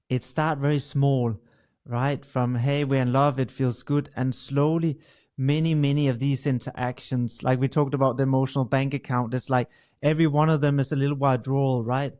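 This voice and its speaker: A couples expert co-hosting a relationships podcast explains things patiently in conversation, often checking in with "right?" and role-playing a partner. His mid-range voice is steady and darkish, delivered at a moderate pace.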